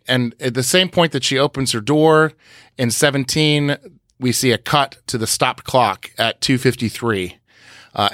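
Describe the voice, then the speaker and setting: A man's voice: medium pitch, a bit bright, no echo, clean studio sound. A man hosting a podcast, recapping scenes in detail in a casual way, with frequent "uh" fillers. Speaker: podcast host.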